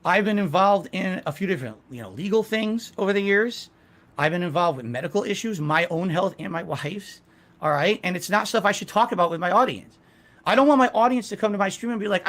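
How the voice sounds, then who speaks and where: Man, high voice, evasive, stop-start answers, video call audio. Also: animated, a little fast, fairly bright tone. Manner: hesitant, evasive, many restarts. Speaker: interview guest, streamer. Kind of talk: defensive interview answers.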